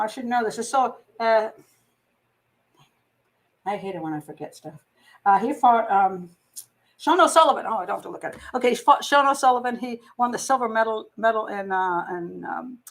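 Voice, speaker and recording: A woman's voice: medium pitch, rough recording. A middle-aged woman hosting a casual live stream, rambling and chatty as she reads out viewer comments. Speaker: host.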